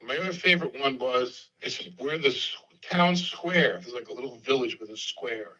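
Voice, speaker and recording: Bright-voiced man telling anecdotes. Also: mid-range voice, normal speed, highs cut off. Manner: animated anecdotes with put-on voices. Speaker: podcast host. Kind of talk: casual storytelling interview.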